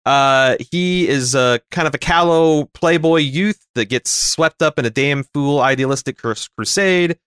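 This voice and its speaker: A man's voice: fairly high pitch, measured pace, few pauses, fairly bright tone, smooth, dry recording, clean studio sound. Wry, rambling American man reviewing films. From North America. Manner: rambling, wry, many fillers and restarts. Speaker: podcast co-host. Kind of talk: casual movie review chat.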